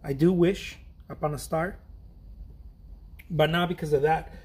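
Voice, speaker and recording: A man's voice: fairly high pitch, steady tone, a little slow, darkish tone, slightly rough. A middle-aged man painting and chatting casually, rambling, joking at his own expense and trailing off mid-thought. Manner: chatty, self-deprecating, laughs often, trails off and restarts. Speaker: painter streaming an art chat.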